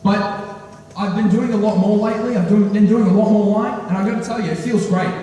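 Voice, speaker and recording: A teenage boy performing a stand-up routine at a school talent show, animated and acting out characters. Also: high-pitched, a little fast. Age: teens. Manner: animated, acts out characters with voice changes. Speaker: student stand-up comic. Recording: echoey school hall recorded from far off.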